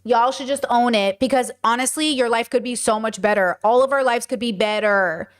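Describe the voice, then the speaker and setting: A woman's voice: a little high, normal speed. A woman hosting a casual reaction podcast, blunt and profane, wandering into rambling asides. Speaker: podcast host reacting to news clips. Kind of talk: casual commentary.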